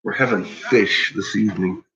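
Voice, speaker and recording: A man's voice: on the low side, moderate pace, a bit bright. A man vlogging casually at home in his kitchen, rambling, joking and talking to his pets. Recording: dull, noisy home recording.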